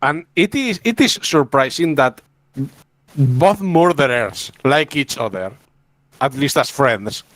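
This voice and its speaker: A male livestream guest makes wry comments at an unhurried pace. His pitch moves a lot, and the sound is close and dry with no room echo. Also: animated, fairly bright tone. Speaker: guest co-reader. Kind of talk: casual livestream chat.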